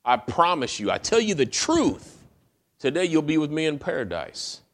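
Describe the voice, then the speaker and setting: A man's voice: mid-range voice, very animated, normal speed. A man voicing a solemn holy figure giving a firm promise. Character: calm, solemn male savior making a promise.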